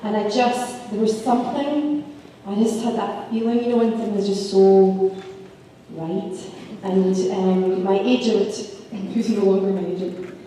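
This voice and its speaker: A woman's voice: medium pitch, steady tone, unhurried, mellow, a little hiss or hum. A woman telling a story on a convention panel, chatty and laughing often. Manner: chatty, laughing, many fillers. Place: convention hall with crowd. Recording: echoey hall, distant from mic.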